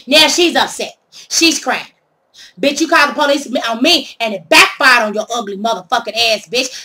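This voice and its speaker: A woman's voice: high-pitched, animated, fairly quick, bright, forceful tone. A woman telling a story in a brash, sassy comic rant, swearing constantly. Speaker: storyteller vlogger. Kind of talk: profane comic rant to camera.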